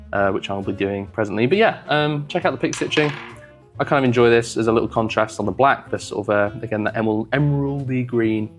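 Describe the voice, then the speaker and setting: A man vlogging about sewing, rambling casually with wry, self-deprecating asides and many fillers. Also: lowish voice. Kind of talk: casual talk to camera while sewing.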